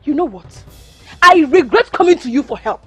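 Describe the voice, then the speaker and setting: A woman's voice: sits high, lively intonation, normal speed, no room sound, faint music behind. An actress with a Nigerian accent playing an angry young woman who scolds a friend for taking money. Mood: indignant. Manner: scolding, shouting. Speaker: actor.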